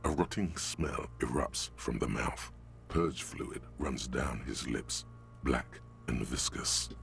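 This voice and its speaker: A man voicing a grim, darkly sardonic game narrator with a deep, gravelly voice and a slow, morbid delivery. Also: fairly bright tone, slight background noise, full character voice. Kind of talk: video game voice acting. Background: faint game music.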